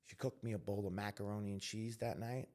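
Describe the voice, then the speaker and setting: A man from New York, a podcast guest, telling his life story candidly, earnest and emphatic with quick restarts. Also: lowish voice, fairly even intonation, a little mellow.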